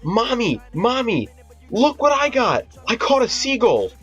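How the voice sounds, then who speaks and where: A man's voice: huge pitch swings, unhurried, a bit bright, husky, lo-fi sound, faint music behind, exaggerated voice. A teen guy putting on a squealing ten-year-old boy. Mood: gleeful squealing. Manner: shrill, squealing with glee. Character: whiny excited little boy about ten.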